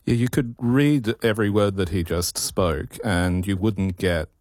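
Low-voiced thoughtful radio guest. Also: male voice, a little mellow, dry recording, clean studio sound. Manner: thoughtful, halting with fillers. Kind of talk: radio talk segment.

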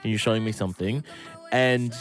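A man's voice: on the low side, steady tone, brisk, soft background music. A young Australian man co-hosting a breakfast radio show, telling a story with chatty fillers and chuckles. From Sydney, Australia. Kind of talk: casual on-air chat. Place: radio studio.

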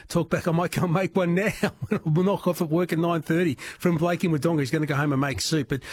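A man hosting a talkback radio show, reading listener messages aloud in a relaxed, conversational way. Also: on the high side, slight background noise. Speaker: radio host.

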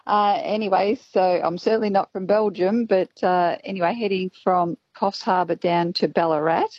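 A woman calling in to a radio show, telling a story in a chatty, animated way. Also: medium pitch, normal speed, no echo, lo-fi sound. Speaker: caller. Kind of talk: phone-in storytelling.

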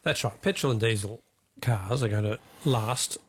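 A man hosting a radio call-in show, relaxed and affable, keeping it moving with brief prompts. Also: lowish voice, normal speed, husky. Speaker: radio host.

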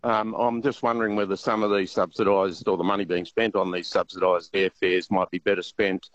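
Low-voiced man on a dull line. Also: level tone, a little fast, no echo. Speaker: talkback caller.

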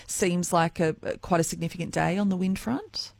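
A woman presenting breakfast radio, reading traffic news in a brisk, businesslike way. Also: lowish voice, steady tone, vocal fry, no echo.

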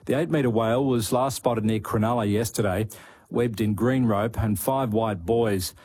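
A man reads the news bulletin in a measured, scripted way. His voice sits somewhat low and has a husky edge to it. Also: darkish tone. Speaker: news presenter.

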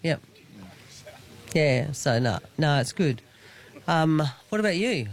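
A man chats outdoors, stopping often with ums and starting his sentences over. His voice sits a little high for a man. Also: animated, slow pace. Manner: hesitant, full of ums and restarts. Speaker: local man chatting with the host. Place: outdoors in a park.

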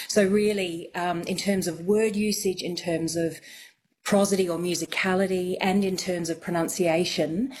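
A woman's voice: lowish voice, a little mellow, breathy edge. Thoughtful woman explaining accents. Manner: thoughtful, many fillers and restarts. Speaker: accent and dialect expert. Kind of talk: explanatory radio interview answers.

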